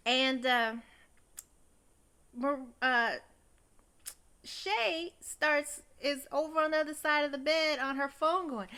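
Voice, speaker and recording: A woman's voice: sits high, slow pace, long pauses, sharp tone. A woman recapping a TV episode in a chatty, gossipy way, exclaiming often and talking straight to her viewers. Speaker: TV recap host.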